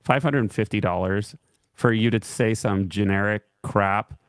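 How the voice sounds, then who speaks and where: A man's voice: lowish voice, moderate pace, no room sound, clean studio sound. A man co-hosting a show, chatting about the news with wry, sarcastic quips. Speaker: show co-host. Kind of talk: casual news chat.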